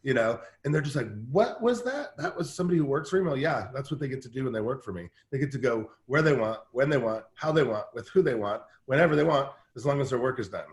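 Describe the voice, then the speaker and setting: Energetic man telling quick stories. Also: medium pitch, echoey room. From Southern California. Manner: energetic, fast storytelling with many restarts. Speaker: guest team-building coach. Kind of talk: casual interview talk.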